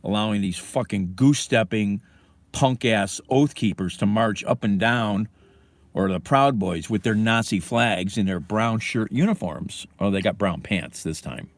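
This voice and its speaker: A man's voice: on the low side, a little slow, no echo. Angry, profane man ranting on a livestream. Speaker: livestream host. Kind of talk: casual livestream rant. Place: in a car.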